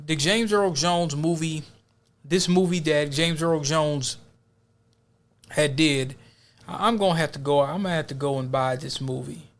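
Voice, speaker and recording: A man's voice: fairly high pitch, measured pace. A male podcast host giving casual, emphatic commentary, often restarting his sentences.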